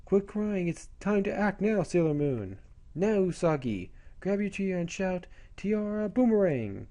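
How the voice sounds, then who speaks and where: A man's voice: high voice, sing-song, measured pace, warm tone, pitched above the performer's own voice, heavily acted. A man voicing an earnest, bossy female talking cat who gives instructions. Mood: urging.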